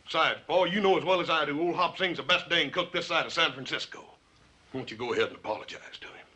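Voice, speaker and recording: An actor playing a big-hearted, always hungry young rancher with a folksy, easygoing way of talking in a 1950s TV western. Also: male voice, a little high, quick pace, sharp tone, slightly rough. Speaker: ranch son.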